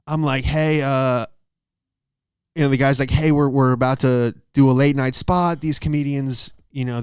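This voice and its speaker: A man's voice: mid-range voice, clean tone, no echo, studio quality. A young adult man, a comedian hosting his own show, telling a long profane story alone in a small closet. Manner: profane, loose, laughs mid-story. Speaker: comedian podcast host. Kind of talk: rambling solo storytelling. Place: small closet, dry sound.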